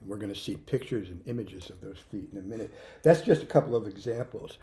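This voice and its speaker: A man with a fairly low voice moves quickly through a music lesson for young children, counting beats loudly and then easing into soft prompts. He repeats words patiently.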